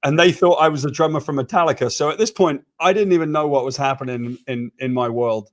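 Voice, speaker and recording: A man's voice: fairly high pitch, fast talker. Teasing man from Wales. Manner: lively, teasing banter. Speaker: co-host. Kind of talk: casual chat, anecdote telling.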